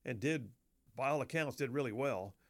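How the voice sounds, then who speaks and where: A man with a gravelly, fry-edged voice hosts a casual talk show. He talks in a folksy, wry way and wanders into loose asides as he goes. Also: medium pitch, moderate pace. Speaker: radio show host.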